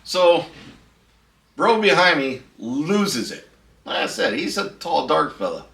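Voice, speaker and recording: A man's voice: on the high side, very animated, takes it slowly, vocal fry, fairly bright tone, distant mic. A middle-aged man, hosting a casual storytelling vlog in a laid-back, chatty way and laughing at his own story. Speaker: host. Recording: echoey room, voice a bit off-mic.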